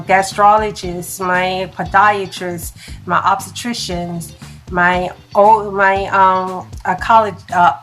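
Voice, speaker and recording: A woman's voice: mid-range voice, a bit bright. Chatty woman livestreaming on her phone. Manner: halting, restarts and stumbles over words. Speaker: livestream host. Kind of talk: casual live talk.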